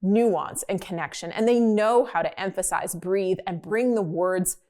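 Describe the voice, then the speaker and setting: A woman's voice: lowish voice, a little slow, warm tone. Upbeat chatty woman hosting a video. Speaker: host. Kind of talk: casual explainer video.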